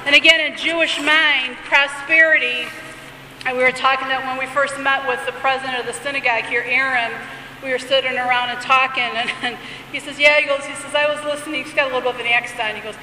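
A woman's voice: high-pitched, steady tone, fast talker, bright, forceful tone, far from the mic, slight background noise. A woman teaching a sermon, reading prayers aloud and then explaining them in a conversational way. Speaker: Bible teacher. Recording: echoey hall, faint ambience.

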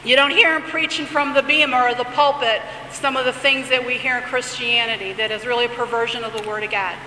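A woman gives a teaching sermon in a high, bright voice. She alternates between reading prayers aloud and explaining them in a conversational way. The sound is echoey, with a long reverb and faint room ambience behind her. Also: fairly even intonation, fairly quick, recorded from a distance, a little hiss or hum. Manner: reads liturgy aloud then explains it conversationally. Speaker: Bible teacher.

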